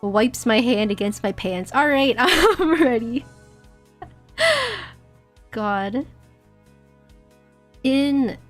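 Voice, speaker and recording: A young woman streaming a game, chatting casually in a giggly, rambling, self-deprecating way, her throat a little dry and husky. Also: on the high side. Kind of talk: casual gaming stream chat.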